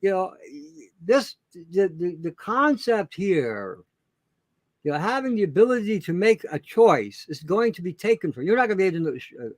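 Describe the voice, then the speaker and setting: A man's voice: sits high, big pitch swings, moderate pace, dry recording, studio quality. A man from Canada speaking as a guest in a blunt, emphatic, heavily profane rant. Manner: emphatic, repetitive, swears heavily. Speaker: guest, show host himself.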